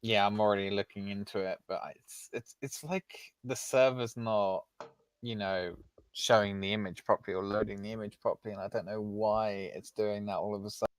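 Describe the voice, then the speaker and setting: A man with a lowish voice explains a technical problem in loose, halting speech, circling back on his words. The sound is dry and close, with no room around it. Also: steady tone, smooth, dry recording. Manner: halting, with restarts and fillers. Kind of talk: casual chat.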